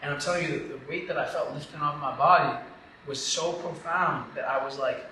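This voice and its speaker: Man, rapid rambling storytelling, filler-heavy, boomy reverberant room, set back from the mic. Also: sharp tone. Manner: rambling and emotional, heavy use of "like". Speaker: podcast guest. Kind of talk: casual interview storytelling. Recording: echoey room, far from the mic, noisy.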